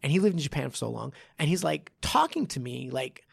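A man co-hosting a podcast, telling stories in a lively, animated way with a husky voice. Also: fairly high pitch, fast talker, few pauses, no echo, studio quality. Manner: animated storytelling, swings loud and soft. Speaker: podcast co-host, martial arts instructor. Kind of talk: casual podcast chat.

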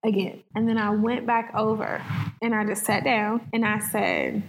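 A woman with a creaky, mid-range voice and moderate pace tells animated stories as a guest on a conversational podcast, acting out what people said. She's in a large hall, and the rough recording carries a little hiss or hum.

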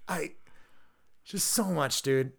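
A man with a gravelly, slightly bright voice that sits high takes his time recounting a rambling, profane story on his podcast. He quotes the people involved as he goes.

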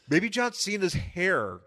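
A man's voice: high-pitched, huge pitch swings, drawn-out words, pushed and bright. A man co-hosting a podcast in casual chat, rambling and joking, often laughing at his own riffs. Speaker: podcast co-host.

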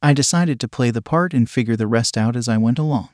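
A man narrating a first-person adult story in a steady, intimate reading. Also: mid-range voice, fast talker, dry recording, studio quality.

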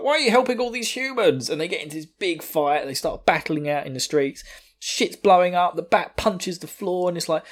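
A man co-hosting a podcast, recapping an anime episode in a casual, profane way and laughing often. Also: fairly high pitch. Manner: laughing, profane, animated retelling. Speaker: podcast co-host.

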